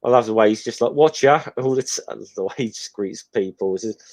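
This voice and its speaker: A man's voice: fairly low pitch, fairly even intonation, fast, a little mellow. A man, co-hosting a casual film commentary chat, hesitant and rambling with many ums. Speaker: podcast co-host.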